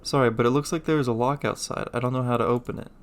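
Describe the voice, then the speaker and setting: A man's voice: mid-range voice, steady tone, rapid-fire, lightly acted. A man voicing a polite, cautious young woman as a game heroine, in a plain voice. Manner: polite, careful.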